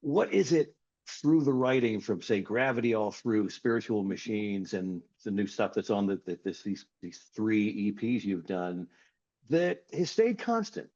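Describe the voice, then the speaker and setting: A man hosting a radio interview, asking questions with quick, stumbling lead-ins. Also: on the low side, animated, darkish tone, muffled recording.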